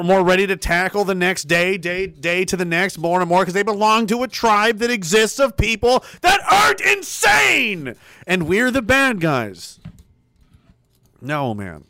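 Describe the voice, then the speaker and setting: A high-pitched man hosts a casual livestream, reading viewer messages aloud and answering them bluntly. He swears freely and slips into heated rants, and his voice comes across close and dry. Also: a bit bright, clean tone, no echo. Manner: blunt, profane, ranting. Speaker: livestream host reading chat. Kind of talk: casual live chat commentary.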